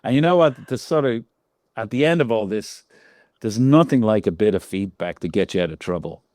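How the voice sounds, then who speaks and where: An Irish man in his sixties, a guest on an interview show, telling lively stories full of laughs and quoted voices. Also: fairly low pitch, fairly quick, no echo, studio quality. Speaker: guest lighting designer. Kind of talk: casual interview storytelling.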